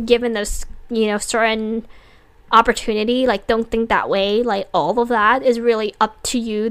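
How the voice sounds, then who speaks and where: A woman's voice: fairly high pitch, fairly bright tone. A woman hosting a motivational talk, earnest and encouraging, often restarting her sentences. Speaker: podcast host.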